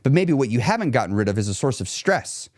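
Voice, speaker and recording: A man coaching on weight loss during a live chat stream, blunt and emphatic, repeating his key points, and going quieter when he talks about himself. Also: medium pitch, big pitch swings, quick pace, no room sound, studio quality.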